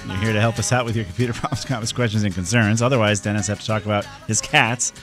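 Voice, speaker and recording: A man's voice: lowish voice, fairly even intonation, fast, music in the background. A man hosting a call-in computer radio show, chatty and reassuring with his callers.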